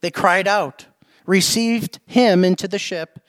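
A man with a high-pitched voice preaches to his congregation, stressing his points by repeating them. He keeps asking the listeners questions. The recording is dry and close. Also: slow, a bit bright, no room sound. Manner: emphatic, repeats himself, asks the congregation questions. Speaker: pastor. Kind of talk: sermon. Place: church.

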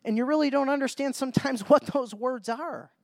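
High-voiced man preaching a sermon. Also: fairly quick, gravelly, darkish tone, no room sound. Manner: rhetorical questions and frequent restarts; reads scripture in old-fashioned biblical wording.

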